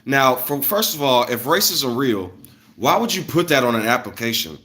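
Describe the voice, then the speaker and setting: A young man from Illinois ranting casually on a livestream, loose and animated, jumping from loud bursts to muttered asides. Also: mid-range voice, moderate pace. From Illinois, USA. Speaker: streamer.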